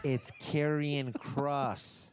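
A man with a mid-pitched voice talking casually on a podcast. He chats loosely and with a lot of swing, cursing and acting out quotes, and his delivery jumps around from line to line. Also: extremely slow, clear, resonant tone. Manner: animated, swearing, acts out quotes. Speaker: podcast co-host. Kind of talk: casual wrestling chat.

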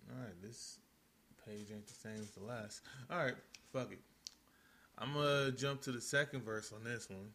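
A man's voice: medium pitch, moderate pace, creaky, sharp tone, slight background noise. A young man co-hosting a casual chat, blunt and profane, playing mock-annoyed. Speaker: podcast co-host.

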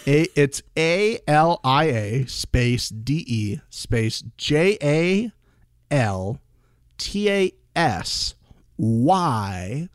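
A man co-hosting a casual podcast, playful and jokey. His pitch moves around a lot. The sound is close and dry. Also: very animated, very slow, dry recording. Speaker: podcast co-host. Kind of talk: casual recap chat.

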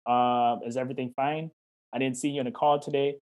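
Brief Male life coach, mid-pitched, friendly and encouraging, chatty, heard over a video call. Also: little pitch movement, a little fast. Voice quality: warm, encouraging, talks in questions and quoted dialogue. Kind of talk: interview answers, casual chat.

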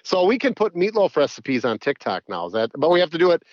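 A man's voice: on the high side, sing-song, quick pace, dry recording. Rambling middle-aged male co-host, dull dry sound. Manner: rambling, playful, does auctioneer patter. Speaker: podcast co-host. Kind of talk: casual comedic chat.

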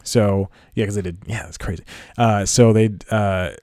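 Male podcast host, lowish voice, dry close sound, rambling and self-correcting. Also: steady tone, normal speed, darkish tone, no echo. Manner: rambling, self-correcting, laughs at own slips. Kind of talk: casual solo podcast talk.

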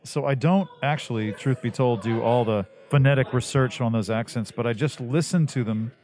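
A man's voice: mid-range voice, moderate pace. A man with a radio-ish voice, a voice actor guest chatting casually in an interview and acting out the people he quotes. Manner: animated storyteller, acts out quotes.

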